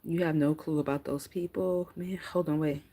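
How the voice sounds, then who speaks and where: Husky woman streaming on her phone, aave, fast and cussing a lot, kinda low voice. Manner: fast, profane, animated storytelling with slang. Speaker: live stream host. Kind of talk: unfiltered casual rant.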